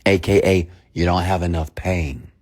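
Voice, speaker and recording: A man's voice: low-pitched, steady tone, normal speed, darkish tone. A man giving a blunt, emphatic motivational sermon and telling a story to his audience. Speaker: motivational speaker.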